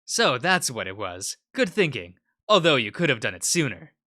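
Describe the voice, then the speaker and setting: A man's voice: medium pitch, sing-song, normal speed, bright, forceful tone. A man voicing a level-headed male fox who speaks in a dry, matter-of-fact way.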